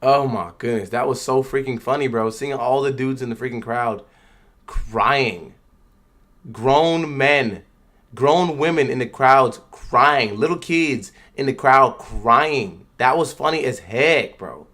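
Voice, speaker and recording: Bright, excitable male streamer. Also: mid-range voice, slow pace. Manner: slangy, loose and excitable; talks back at the screen. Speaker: livestream host. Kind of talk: live reaction commentary.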